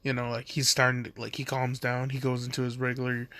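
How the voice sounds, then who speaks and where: A man's voice: mid-range voice, monotone, quick pace, fairly bright tone. A man casually telling a fan story, rambling with lots of fillers and swearing.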